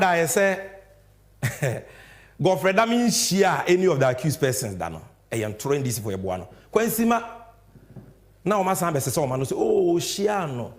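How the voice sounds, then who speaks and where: Animated Ghanaian man, high lively voice. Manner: emphatic, mixes English with Twi, sing-song stresses. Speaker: political show host. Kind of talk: animated political commentary. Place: studio.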